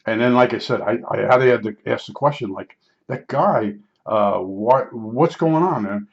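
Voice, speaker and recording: A man's voice: medium pitch, normal speed, vocal fry. An older man from New Jersey telling a story about past jobs in a casual, rambling way, full of fillers and restarts. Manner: rambling, repeats himself, many fillers. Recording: slightly dull lo-fi sound.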